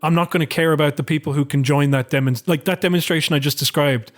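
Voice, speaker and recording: Rambling, swearing podcast host. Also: male voice, a little high, quick pace, faint music behind. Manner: rambling, swearing, animated storytelling. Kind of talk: casual political chat.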